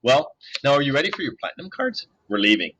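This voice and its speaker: A man's voice: medium pitch, very animated, quick pace, sharp tone. Man playing a fawning casino bellhop. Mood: coaxing. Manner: coaxing, salesman-like.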